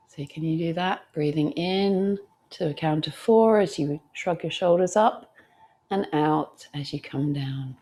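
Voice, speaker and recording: A woman teacher guiding a yoga class, talking gently and soothingly and counting breaths aloud. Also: deep voice, measured pace. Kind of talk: guided yoga class instruction.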